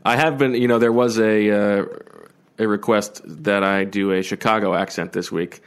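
A man with a fairly low voice co-hosts a casual sports podcast from a remote call. He trades dry, joking banter in a relaxed way. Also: normal speed, clean tone. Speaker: podcast co-host.

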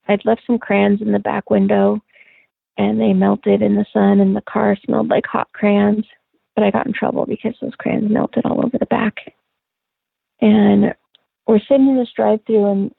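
A middle-aged woman with a husky, gravelly voice tells a personal story softly and haltingly, with many pauses and fillers. Her pitch stays flat and even. The sound is thin and tinny, like a phone line, and dry. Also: no room sound. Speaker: interview guest.

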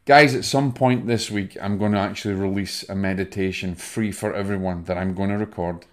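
A man with a Scottish accent hosting a spiritual podcast, calmly guiding listeners through a breathing exercise. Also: low-pitched, brisk. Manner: soft, soothing, guiding breathing. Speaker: podcast host, medium. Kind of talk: spiritual self-help talk.

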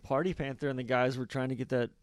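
A man's voice: medium pitch, steady tone, quick pace, smooth, dry recording, clean studio sound. A man co-hosting a golf podcast in casual chat, often trailing off mid-thought. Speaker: podcast co-host.

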